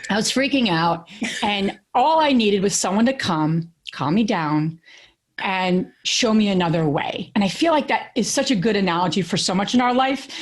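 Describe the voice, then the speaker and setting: A woman in her thirties co-hosting a podcast, telling stories in an animated way with many fillers and restarts. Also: medium pitch, moderate pace. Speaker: podcast co-host. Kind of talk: casual podcast chat.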